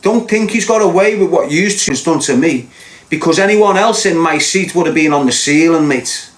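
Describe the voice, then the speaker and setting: A man's voice: fairly high pitch, expressive, moderate pace, reverberant. A man with a Liverpool accent telling a heated, insistent story as a podcast host. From Liverpool, England. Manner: ranting, fired-up, insistent.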